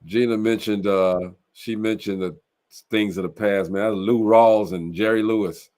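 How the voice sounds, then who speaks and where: A man's voice: lowish voice, steady tone, normal speed, a little mellow. Laid-back man hosting a livestream telethon. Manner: laid-back, joking, slangy. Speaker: host of a live online telethon stream. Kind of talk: casual banter on a livestream. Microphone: video call.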